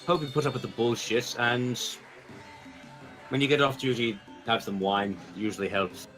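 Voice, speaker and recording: A man puts on a tired adventurer keeping up polite, courtly manners with a dry edge. His tone is mid-pitched and soft, with faint music in the background. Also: fairly even intonation, normal speed, lightly acted, low-quality recording. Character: courteous, weary adventurer feigning noble manners.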